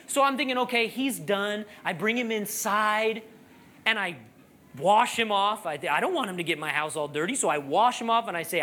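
Preacher doing a sermon, chatty story bits then loud emphatic preaching. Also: mid-range voice, expressive, moderate pace.

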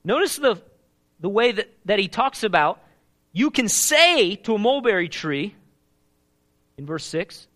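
Preaching a live sermon, a male pastor is animated and emphatic and keeps checking in with his congregation. His voice is high, a little slow, with frequent pauses.

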